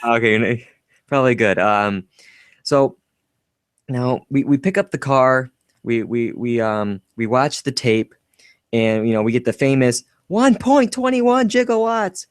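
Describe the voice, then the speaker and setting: A man co-hosting a podcast talks casually and with animation, laughing often and slipping into quotes. His voice sits at an ordinary middle pitch. The sound is dry and close. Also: fairly even intonation, measured pace, long pauses, smooth, no room sound. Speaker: podcast co-host. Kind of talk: casual film discussion.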